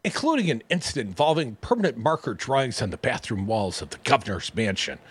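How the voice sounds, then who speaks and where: A man's voice: mid-range voice, sing-song, quick pace, breathy edge, no room sound. A man hosting a radio show, reading news stories and cutting in with sarcastic asides. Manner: sarcastic, wisecracking. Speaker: radio host.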